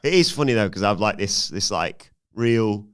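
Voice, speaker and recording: A man's voice: fairly low pitch, animated, moderate pace, a bit bright, clean tone. A man, a former radio presenter, co-hosting a podcast with jokey, self-deprecating banter. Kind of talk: casual podcast chat.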